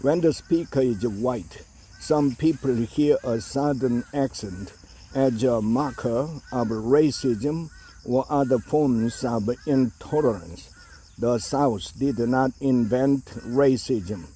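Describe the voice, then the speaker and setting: A man reading an opinion essay aloud in a measured way, with the odd hesitation. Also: medium pitch, mellow, slight background noise.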